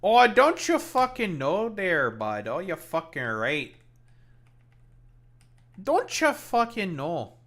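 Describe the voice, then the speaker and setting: A man's voice: high voice, huge pitch swings, slow pace, pauses often, a bit bright, voice pushed up, heavily acted. A man voicing a brash, exaggerated Canadian stereotype, with a strong Canadian accent, drawling and swearing, ending lines with "eh" and "bud". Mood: mock-indignant. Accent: Canadian English. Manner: drawling, profane, tags with "eh" and "bud".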